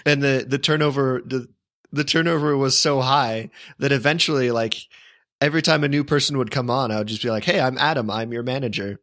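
A young man tells a long story in a loose, rambling way, wry and amused at himself. His voice sits at a middle pitch. The sound is close and dry. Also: fairly quick, a bit bright, dry recording. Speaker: podcast co-host. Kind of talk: casual storytelling chat.

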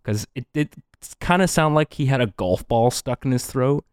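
A man's voice: mid-range voice, animated, normal speed, clear, resonant tone, dry recording, studio quality. A man co-hosting a podcast in casual chat, skeptical and wry, full of questions. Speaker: podcast co-host.

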